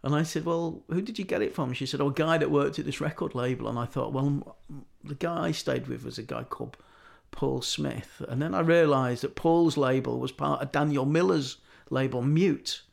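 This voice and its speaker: Middle-aged male storyteller, gravelly and lively, chatty anecdotes. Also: a little high, moderate pace, hardly any pauses. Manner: animated storytelling, acting out quoted voices. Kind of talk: casual anecdotal chat.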